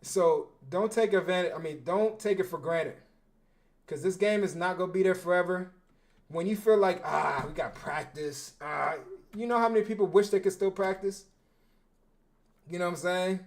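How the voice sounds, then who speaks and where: A young man, a football coach and former defensive back, talking casually on a livestream, animated and slangy, often repeating his words. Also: high voice, normal speed. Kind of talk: casual livestream film breakdown.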